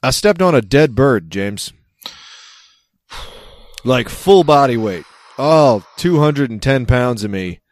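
A man hosting a casual podcast chat over a remote call. He speaks in a crescendo way, starting low and building up. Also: expressive, slow pace, pauses often. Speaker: podcast host. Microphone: remote call recording.

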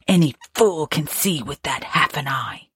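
Bitter grieving old servant woman, low and husky, slow and scolding read by a woman narrator. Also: animated, a bit bright, no room sound, clean studio sound, heavily acted. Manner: harsh, scolding, rural ungrammatical speech. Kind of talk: audiobook reading.

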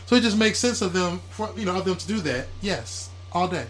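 A man in casual podcast chat, animated and profane, often talking over his co-host. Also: high-pitched, brisk, slight background noise.

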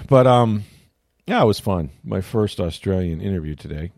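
A man's voice: low voice, lively intonation, moderate pace, vocal fry, a little mellow, dry recording, studio quality. A middle-aged man hosting a sports talk show, telling a story in a casual, rambling way and interrupting himself often. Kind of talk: casual chat.

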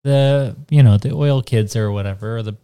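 A man's voice: medium pitch, moderate pace, mellow, clear, resonant tone. Man co-host, casual chat, easygoing, meandering delivery. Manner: laid-back, rambling, trails off. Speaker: podcast co-host.

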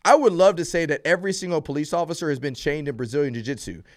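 A man's voice: fairly high pitch, fast. A man who is a police officer, a guest on a podcast, explaining his views earnestly with frequent restarts. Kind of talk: casual interview chat.

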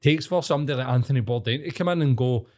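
A Scottish man from Glasgow in his thirties, chatting on a podcast. He swears nonstop and works himself up into animated rants. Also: medium pitch, racing. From Scotland. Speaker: podcast co-host. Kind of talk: casual sweary podcast chat.

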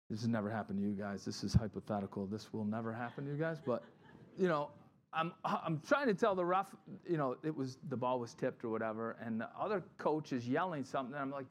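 A man's voice: medium pitch, a little hiss or hum. A middle-aged man, a pastor, giving a conversational sermon and acting out the people in his stories. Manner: animated storytelling, acts out quotes.

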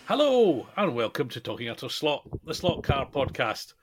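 A man's voice: medium pitch, animated, moderate pace, over loud music. Chatty male podcast co-host. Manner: chatty, rambling, with many fillers and restarts. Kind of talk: casual podcast chat.

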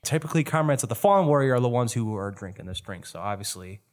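A man's voice: mid-range voice, animated, fast talker. A man narrating as game master in a tabletop game, loose and joking.

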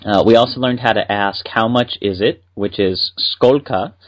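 A man's voice: lowish voice, fairly even intonation, normal speed. A man co-hosting a casual podcast, upbeat and explaining at length. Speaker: podcast co-host.

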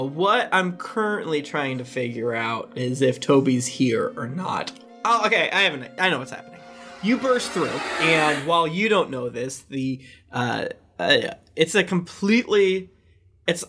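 A man narrating a tabletop game as its game master. He talks slowly and unhurriedly with a bright, clear tone. He fills his descriptions with pauses and fillers. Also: medium pitch. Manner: relaxed, describes scenes with fillers.

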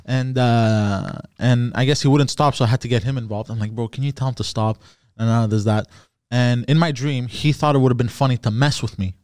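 A man's voice: medium pitch, brisk, hardly any pauses, a little mellow, no echo, studio quality. A man co-hosting a podcast, telling a long dream story in casual chat, with lots of fillers and restarts. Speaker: podcast co-host.

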